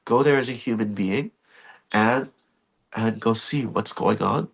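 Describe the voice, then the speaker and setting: A man's voice: lowish voice, a little slow, creaky, slightly rough, full character voice. A man voicing a frightened monkey king who fears assassins, in a panicky, rising voice while retelling a scripture story. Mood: urgent.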